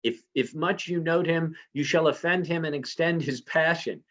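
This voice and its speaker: A man's voice: on the high side, normal speed, a bit bright, voice pushed up, lightly acted. A man reading aloud the lines of a commanding noble lady at a banquet, reciting verse firmly and insistently. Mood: urgent. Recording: slightly muffled lo-fi recording.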